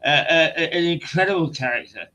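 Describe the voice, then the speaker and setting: A man's voice: on the high side, moderate pace, bright, forceful tone, poor audio. An older man from the English Midlands, hosting an online talk show and telling rambling, hesitant stories of his broadcasting days. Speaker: host and veteran broadcaster. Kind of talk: conversational interview. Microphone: video call.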